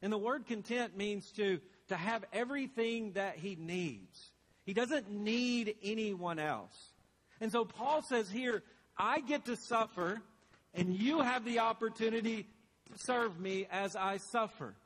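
High-voiced man preaching a sermon. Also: unhurried, a bit bright, slightly rough. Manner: earnest, questioning, repeats for emphasis. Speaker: pastor.

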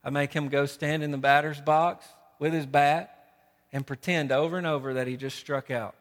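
A man preaching a sermon, impassioned and rising loud on key phrases. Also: fairly high pitch, fairly even intonation, moderate pace, long reverb tail. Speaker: pastor.

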